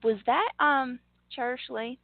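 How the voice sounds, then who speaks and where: A woman's voice: sits high, a little slow, vocal fry, dry recording. Brief-spoken female co-host on a tinny line. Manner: brief, agreeable interjections. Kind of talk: casual chat. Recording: dry, tinny phone-like line.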